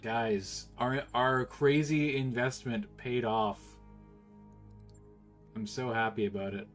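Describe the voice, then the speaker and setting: A young man casually commenting on his gameplay and reading game text aloud, excitable and swearing now and then. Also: mid-range voice, slow pace, soft background music. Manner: excitable, swears, reacts loudly.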